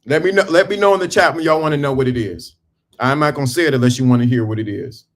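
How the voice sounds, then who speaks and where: A man's voice: mid-range voice, fast. A middle-aged man giving a preachy, emphatic talk to viewers on a livestream, breaking off and restarting while he dresses. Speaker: livestream host. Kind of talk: casual motivational livestream talk. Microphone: phone or camera on a stand.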